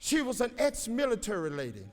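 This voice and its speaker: A man's voice: high-pitched, huge pitch swings, a little fast. A man in his sixties, an educator giving a motivational graduation speech with folksy storytelling, exhorting the crowd. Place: large auditorium. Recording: reverberant hall.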